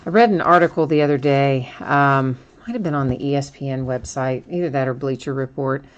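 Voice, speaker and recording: A woman's voice: very deep voice, brisk, muffled recording. A woman hosting a live trading card break, chatting and thinking aloud with frequent small laughs as she opens packs.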